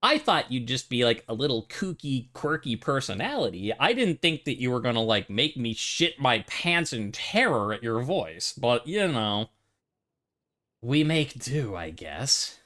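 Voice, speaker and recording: A man streaming a video game, chatting casually and thinking out loud as he plays. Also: medium pitch, very animated, unhurried. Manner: casual, rambling, thinking aloud. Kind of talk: let's-play commentary.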